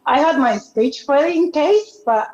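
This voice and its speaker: A woman's voice: high-pitched, animated. Emotional woman on a muffled call. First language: Spanish. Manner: warm, halting, laughs between thanks. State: emotional, close to tears. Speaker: award winner. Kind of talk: emotional acceptance speech. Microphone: video call. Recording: muffled video call audio.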